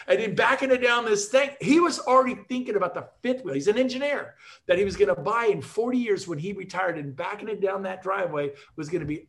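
His voice is high and creaky, and he speaks a little fast. Addressing agents on a video call, the man tells sales stories in a punchy, emphatic, joke-filled motivational talk.

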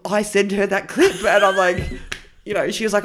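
An Australian woman co-hosting a podcast in casual chat, talkative and quick to laugh, acting out the lines of others as she tells stories. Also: mid-range voice, slight background noise. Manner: chatty, laughs often, acts out quoted lines. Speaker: podcast co-host.

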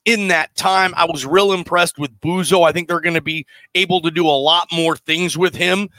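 A man with an American accent hosting sports talk radio, chatty and excitable, jumping between thoughts. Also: fairly high pitch, moderate pace, dry recording.

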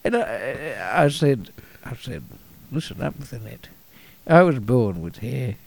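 A man co-hosting a comedy podcast, telling rambling stories in a halting way with many restarts. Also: medium pitch, expressive, vocal fry. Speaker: podcast co-host. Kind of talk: improvised comedy banter.

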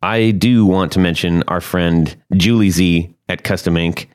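Deep-voiced joking podcast host man. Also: steady tone, a little slow, a little mellow, clear, resonant tone. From United States. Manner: chatty, joking, filler-heavy. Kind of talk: casual podcast chat.

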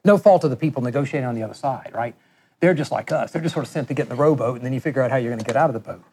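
A middle-aged man giving a lecture, telling animated workplace anecdotes and acting out the voices of people he quotes. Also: mid-range voice, rapid-fire, a little hiss or hum. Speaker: guest lecturer. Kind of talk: storytelling lecture.

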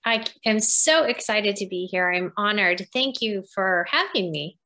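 Animated woman in her fifties. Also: medium pitch, measured pace. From United States. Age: 50s. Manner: animated, laughs often, acts out quoted dialogue. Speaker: podcast guest. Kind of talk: casual interview storytelling.

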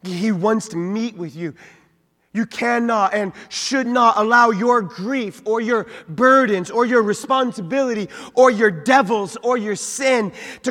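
A man, a senior pastor, preaching a sermon, reading scripture in old-fashioned wording and swinging from soft asides to loud peaks. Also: extremely high pitch. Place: church sanctuary. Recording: long reverb of a large church hall.

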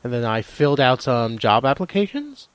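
A man's voice: mid-range voice, wildly swooping pitch, moderate pace, clean tone, no echo. A young man co-hosting a podcast, chatting casually and riffing on silly, absurd bits in a rambling, goofy way. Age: young adult. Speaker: podcast co-host. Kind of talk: casual comedic banter.

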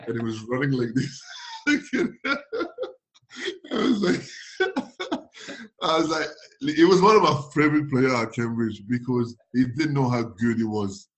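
A lively man with as his spins football stories in a casual interview. He laughs often, slips into voices for the people he quotes, and his pitch sits in an ordinary middle range. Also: measured pace, long pauses. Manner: animated, laughing often, acting out others' voices. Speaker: former footballer guest.

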